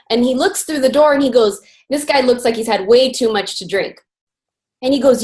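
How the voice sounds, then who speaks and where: A woman's voice: a little high, moderate pace, a little mellow. An upbeat woman hosting a video call, telling a joke in a casual, chatty way. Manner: upbeat, tells a joke with acted voices. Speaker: call host.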